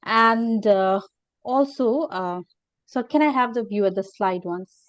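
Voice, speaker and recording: A woman doctor practicing how to reassure a patient during a class, speaking carefully and pausing often. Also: a little high, no echo. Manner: careful, with frequent uh fillers. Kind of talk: practice role-play as a clinician. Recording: dry, dull lo-fi audio.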